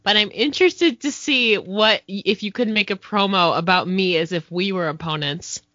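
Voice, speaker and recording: Bright-voiced woman podcast host. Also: medium pitch, normal speed, no room sound, dull audio. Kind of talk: casual interview chat.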